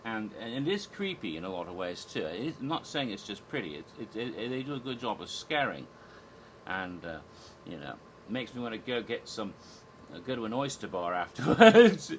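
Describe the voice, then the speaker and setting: A man's voice: on the low side, big pitch swings, a little fast, a bit bright, a little hiss or hum, rough recording. A man giving a casual spoken review, chatty and rambling, with restarts and little chuckles. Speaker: theme park reviewer.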